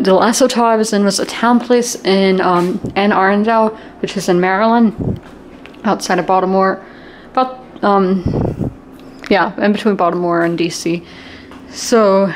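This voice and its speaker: Young woman, twenties, casual vlog, chatty, filler-heavy, slightly breathless, phone mic, faint room hum. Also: mid-range voice. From South Carolina. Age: 20s. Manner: chatty, many ums, light laughs. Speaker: vlogger. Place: hotel room, indoors.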